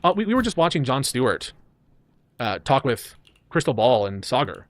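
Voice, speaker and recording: A man's voice: mid-range voice, big pitch swings, normal speed, dry recording. A man in a debate discussion, speaking in a defensive, insistent way.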